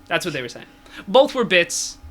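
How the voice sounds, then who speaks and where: A man's voice: high-pitched, sing-song, bright, forceful tone. A young man hosting a casual comics podcast, joking and steering the chat back on topic. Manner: jokey, steers the talk, quick asides. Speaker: podcast host.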